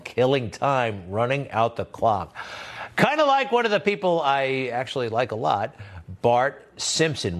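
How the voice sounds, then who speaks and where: A man hosting a commentary show, delivering a sarcastic, rambling opinion monologue between clips. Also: mid-range voice.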